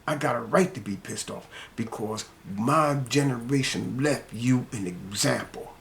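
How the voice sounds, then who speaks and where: An older man delivering an angry, scolding monologue rant, repeating himself and dropping to low mutters between heated outbursts. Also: unhurried, vocal fry, hardly any pauses, a little hiss or hum. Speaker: commentator ranting to camera.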